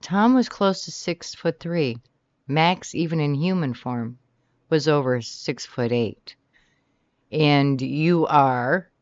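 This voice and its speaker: An audiobook narrator reading a romance novel in the first person, animated and shifting pitch often from line to line. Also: slow, no echo. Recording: slightly dull, dry recording.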